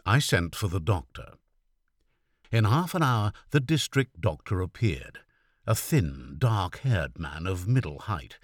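A man narrating a classic story as an audiobook, in a measured, expressive storytelling manner. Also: deep voice, no room sound, studio quality.

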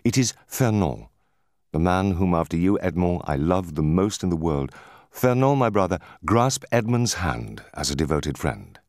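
A man's voice: deep voice, lively intonation, normal speed, darkish tone, no room sound, clean studio sound. A man voicing a devoted, passionate young woman who speaks firmly. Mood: fervent.

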